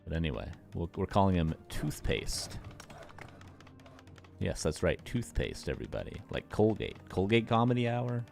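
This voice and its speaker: Deep-voiced, playful male game caster. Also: sing-song, normal speed, creaky, a little mellow. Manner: joking, playful, chats with viewers. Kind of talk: live replay commentary.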